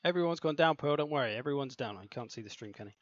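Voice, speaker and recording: A man's voice: mid-range voice, animated, very fast, no echo. A man from the south of England, chatting and joking casually while hosting a game tournament on a livestream. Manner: joking, chatty, self-mocking. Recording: slightly dull lo-fi mic, faint music.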